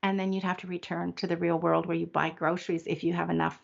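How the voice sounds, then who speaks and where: An older woman from Canada, a guest in a conversational interview, speaking reflectively with frequent restarts and soft laughs. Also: on the low side, level tone, vocal fry, muffled recording. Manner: reflective, halting, often restarts and laughs softly.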